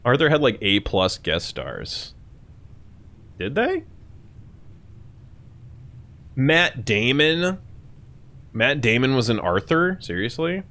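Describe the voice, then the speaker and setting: A young live streamer chats casually with his viewers at a slow pace with long pauses, cursing, animated, and repeatedly jumping into shrill imitation voices.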